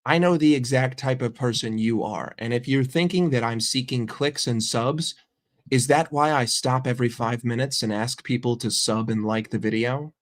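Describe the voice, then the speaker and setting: A man's voice: medium pitch, moderate pace. An American man in a heated, profane live-stream rant about football, sarcastic and fired up. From United States.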